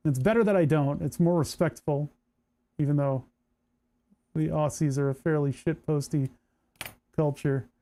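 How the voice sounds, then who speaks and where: A man's voice: on the high side, fairly even intonation, unhurried, long pauses, warm tone. A man streaming his electronics build, chatting casually and muttering to himself as he works. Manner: muttering to himself while working. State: hand cramps. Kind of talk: casual workbench chat.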